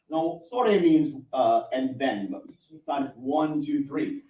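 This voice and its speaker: A man's voice: fairly high pitch, animated, slow pace, lo-fi sound, very noisy. A man teaching taiko drumming to a live audience, upbeat and encouraging, cracking self-deprecating jokes as he talks them through it. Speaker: taiko instructor. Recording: echoey room from far off, faint music.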